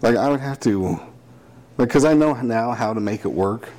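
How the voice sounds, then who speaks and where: A man's voice: medium pitch, moderate pace, darkish tone. A man co-hosting a podcast in casual crude banter, swearing often and laughing a lot. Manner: profane, laughing, acts out mocking voices. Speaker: podcast co-host.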